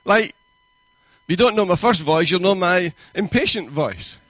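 Conversational male preacher, slightly high voice. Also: animated, measured pace, fairly bright tone, dry recording. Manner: conversational, with quoted asides and rising emphasis. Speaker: pastor. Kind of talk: sermon. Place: church.

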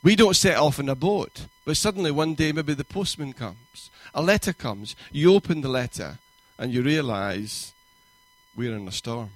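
Animated and medium-pitched, a male pastor preaches a sermon in church at normal speed, with no room sound in the recording. He paces it warmly and conversationally, using quoted asides and rising emphasis.

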